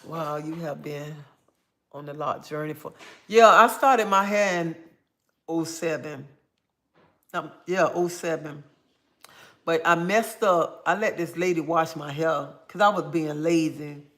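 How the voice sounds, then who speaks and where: An older woman hosting a casual livestream, reading viewer comments aloud and telling stories in a chatty, animated way. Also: deep voice, measured pace. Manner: chatty, animated storytelling with bursts of excitement. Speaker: livestream host.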